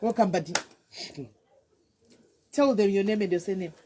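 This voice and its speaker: A woman's voice: medium pitch, normal speed, noisy background. A woman hosting a casual live-stream interview, chatty and coaxing, switching between Shona and English and repeating her words.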